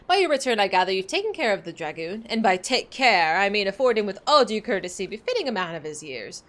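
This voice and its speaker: Woman doing a pompous old gentleman rogue. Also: high voice, sing-song, a little fast, voice pushed up, exaggerated voice. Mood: grandiloquent. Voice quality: plummy put-on British-style accent. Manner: grandiloquent, flowery. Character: pompous elderly gentleman adventurer, theatrical.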